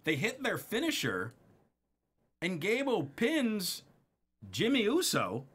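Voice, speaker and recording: A man co-hosting a wrestling after-show, recapping the episode in a lively, laughing chat. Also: high voice, slow, breathy edge. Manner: animated, laughs often while recapping. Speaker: co-host.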